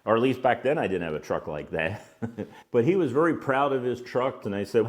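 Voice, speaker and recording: An older man who owns a business, telling stories casually and acting out the dialogue. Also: brisk. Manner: animated, acts out quoted dialogue with raised pitch, chuckles between lines. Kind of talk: casual storytelling monologue.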